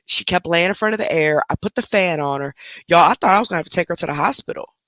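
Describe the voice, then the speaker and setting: A woman's voice: on the low side, fast talker, fairly bright tone, no room sound. A middle-aged woman chatting casually on a home live stream, talking to her viewers and breaking off to scold her dog. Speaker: livestream host. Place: at home, indoors. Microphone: desk microphone close up.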